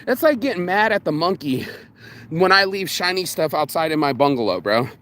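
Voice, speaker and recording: A man's voice: a little high, normal speed. A man ranting casually in a morning vlog, telling stories with heavy swearing and acting out what other people said. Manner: profane, animated storytelling with quoted voices. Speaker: vlogger. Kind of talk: casual rambling vlog rant.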